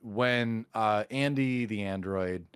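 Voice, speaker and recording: Sarcastic, animated man reviewing a movie. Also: lowish voice, slow pace, smooth, no echo, clean studio sound. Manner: animated, sarcastic, acts out quotes in mocking voices. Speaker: podcast co-host. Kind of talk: casual movie review chat.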